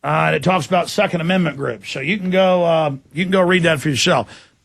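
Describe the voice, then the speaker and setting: Fired-up talk radio guy ranting, gravelly voice, dry close sound. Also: a little high, fairly quick, a bit bright, dry recording. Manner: impassioned, ranting. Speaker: talk show host. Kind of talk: political talk radio monologue.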